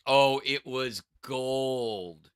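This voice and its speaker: A man's voice: mid-range voice, drawn-out words, fairly bright tone, clean tone, dry recording, studio quality. A man co-hosting a casual livestream chat, rambling and restarting his sentences as he tells stories. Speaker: podcast co-host.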